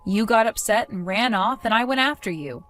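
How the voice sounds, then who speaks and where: A woman in a dramatized story, speaking as a wronged fiancée, calm, cold and accusing, over faint music. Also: a little high, moderate pace. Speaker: wronged fiancée telling her side.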